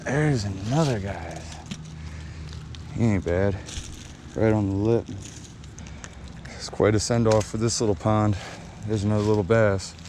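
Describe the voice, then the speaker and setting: A man's voice: on the low side, a little slow, pauses often. A young man from eastern Pennsylvania giving casual, laid-back commentary while fishing at a small backyard pond, talking to his viewers. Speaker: fishing vlogger. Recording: outdoor camera audio with clear background noise.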